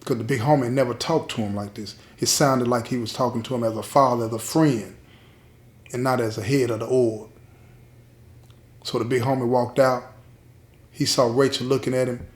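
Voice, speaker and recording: A man telling a prison love story in a plain, street-style way, with drawn-out pauses. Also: mid-range voice, steady tone. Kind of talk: spoken storytelling. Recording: roomy echo.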